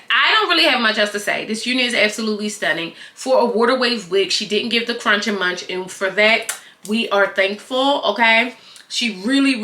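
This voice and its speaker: A grown woman vlogger reviewing a wig in casual, slangy chat, playful and animated as she talks straight to her viewers. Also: a little high. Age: adult, not young. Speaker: beauty vlogger reviewing wigs. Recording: echoey room.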